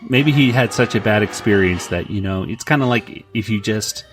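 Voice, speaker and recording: A man's voice: lowish voice, moderate pace, music in the background. A man co-hosting a podcast, casually recapping a comic and acting out the characters' lines in raised voices, with many fillers. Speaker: podcast co-host.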